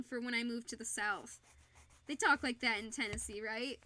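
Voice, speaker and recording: A woman's voice: on the high side, normal speed, pushed and bright. A young woman with a Michigan accent chatting casually on a live stream while she crafts, giggling often between sentences. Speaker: fursuit maker and streamer.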